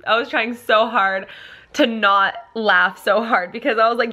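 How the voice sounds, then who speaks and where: Chatty young mom, lightly high voice. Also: female voice, fairly even intonation, measured pace, bright, forceful tone. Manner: chatty, filler-heavy, laughs while telling stories. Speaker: family vlogger and mother. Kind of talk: casual storytelling to camera.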